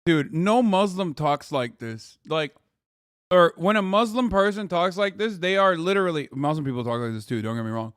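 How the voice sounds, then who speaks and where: A man's voice: a little high, normal speed, smooth, no echo, clean studio sound. A man streaming, reacting to a clip with blunt, profane, combative commentary. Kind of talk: casual heated commentary.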